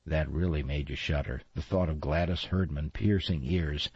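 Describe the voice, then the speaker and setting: A man narrating a storybook in a wry, lively way. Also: extremely low pitch, normal speed, slightly rough, dry recording. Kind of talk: storybook reading. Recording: slightly dull, dry recording.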